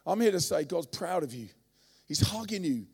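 Animated preacher in his forties. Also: a little high, normal speed, vocal fry, husky. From London, England. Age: 40s. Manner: animated storytelling, acting out voices. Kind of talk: sermon.

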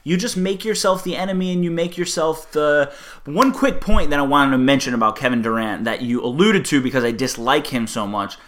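A man's voice: fairly high pitch, a little fast, a bit bright. A man co-hosting a casual sports talk show, arguing his point and telling long mocking hypotheticals.

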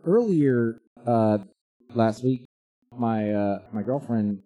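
Mellow-voiced man recapping news casually. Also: medium pitch, animated, slow pace. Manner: rambling, hesitant news recap with fillers. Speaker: podcast co-host. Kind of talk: casual comedic chat.

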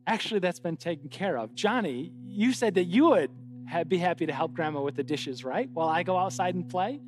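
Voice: medium pitch, lively intonation, a little fast, faint music behind, lightly acted. A pastor voicing a sly young girl who blackmails her brother, smug and pointed, in a sermon story.

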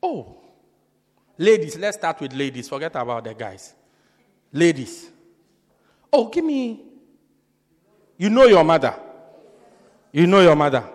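A man preaching as a pastor, joking with the congregation and acting out quotes with sudden shouts. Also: fairly high pitch, very animated, measured pace, long pauses. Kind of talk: lively sermon. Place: large church hall. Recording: reverberant hall.

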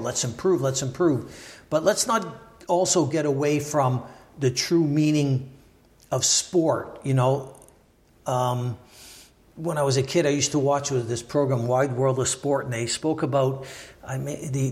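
An older man from Canada, a former Olympic wrestler, talking through his views in an interview with thoughtful hedging and many restarts and asides. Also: fairly high pitch. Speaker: podcast guest, former Olympic wrestler and sports lawyer. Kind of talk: reflective interview talk. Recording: roomy echoey room.

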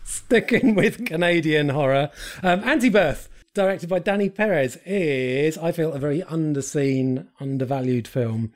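A man's voice: fairly high pitch, unhurried, few pauses. A man hosting a casual, sweary film chat and leading the discussion. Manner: chatty, swears freely, leads the discussion. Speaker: podcast host.

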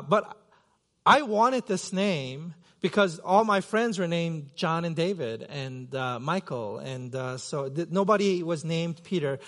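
High-voiced man preaching casually. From Korea. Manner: conversational, self-deprecating with many fillers and restarts. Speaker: pastor. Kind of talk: sermon. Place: church sanctuary.

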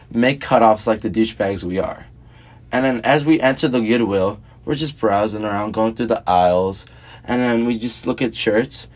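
A young man co-hosting a loose, casual podcast chat. He tells a rambling story and keeps saying "she's like" before each quote. His voice sits at an ordinary middle pitch. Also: a little mellow. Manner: rambling, repeats "she's like" and puts on a high voice for quotes. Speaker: podcast co-host.

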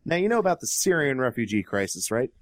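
Animated, sarcastic man ranting. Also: medium pitch, quick pace, no room sound, clean studio sound. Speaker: podcast co-host. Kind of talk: casual ranting commentary.

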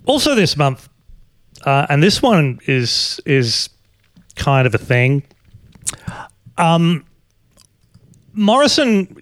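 A man's voice: a little high, gravelly, fairly bright tone, dry recording. Dry-voiced sardonic man. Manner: sardonic, rambling with many fillers. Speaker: podcast host. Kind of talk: casual commentary.

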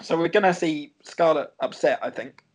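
A chatty man recapping a TV show episode, with a voice pitched a bit above average. He rambles between plot points and often breaks into giggles. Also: normal speed, poor audio.

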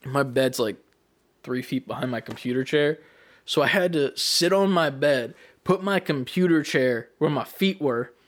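A man's voice: medium pitch, unhurried. A young man chatting casually as a podcast co-host, rambling with lots of fillers and swearing. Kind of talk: casual chat.

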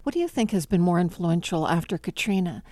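Mellow-voiced woman interviewer. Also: on the low side, expressive, fast talker, dry recording. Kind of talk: interview questions.

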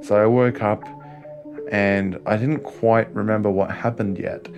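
A man with an Australian accent telling a first-person story in a halting way, often restarting his sentences. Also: fairly low pitch, steady tone, muffled recording. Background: music score.

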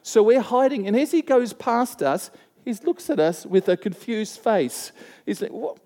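A man's voice: high-pitched, animated, unhurried, dark tone. A man preaching a sermon, telling a personal story in a conversational way and acting out the voices of the people in it. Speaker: pastor. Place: church hall. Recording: long reverb of a church hall.

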